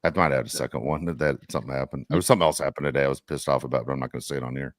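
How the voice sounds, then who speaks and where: A man's voice: very deep voice, steady tone, rapid-fire, no room sound, studio quality. A man co-hosting a podcast, ranting heatedly in casual talk and swearing often. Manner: heated, profane, repeats "dude". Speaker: podcast co-host.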